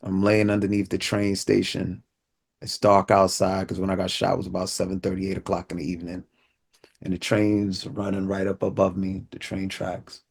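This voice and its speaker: A man giving an inspirational talk, telling a personal story vividly and acting out what people said in street slang. He drops low and quiet at solemn moments. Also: completely flat delivery, moderate pace, creaky, slightly rough. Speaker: inspirational speaker.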